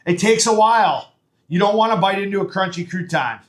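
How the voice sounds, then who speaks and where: Give me a chatty man walking through a recipe in his kitchen, fairly high voice, echo off the walls. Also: fairly quick, noisy background. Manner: chatty, folksy, lots of fillers. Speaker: home cooking show host. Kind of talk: casual step-by-step cooking demo. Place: home kitchen.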